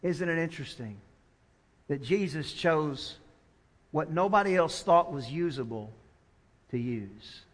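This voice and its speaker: Man preaching, high voice, swings from quiet to loud, long reverb of a church hall. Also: expressive. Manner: preaching with big swings from quiet to loud, slow emphatic stretches. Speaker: pastor. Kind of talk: sermon. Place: church sanctuary.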